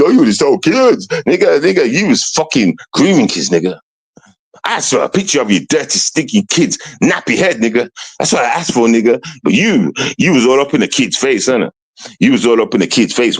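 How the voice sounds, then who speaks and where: A man's voice: medium pitch, very animated, a little fast, slightly rough. A man hosting a livestream, aggressively insulting a viewer and swearing heavily. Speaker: livestream host. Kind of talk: heated livestream rant at a chat viewer.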